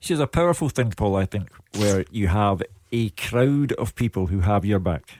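A male interviewer with a slightly low voice. He speaks in a measured, reflective way, responding to his guest. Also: animated, a little mellow, a little hiss or hum. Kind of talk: interview chat.

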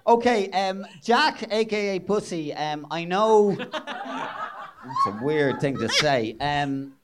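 An Irish man in his forties co-hosting a live podcast show, lively, teasing and playful. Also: high voice, slow pace, very noisy. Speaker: podcast co-host.

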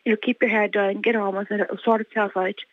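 A middle-aged woman with a Donegal Irish accent, speaking earnestly with halting restarts as an interview guest. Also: mid-range voice, little pitch movement, no echo. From Ireland. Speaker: guest, mother. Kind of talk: emotional phone interview. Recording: dry tinny phone line.

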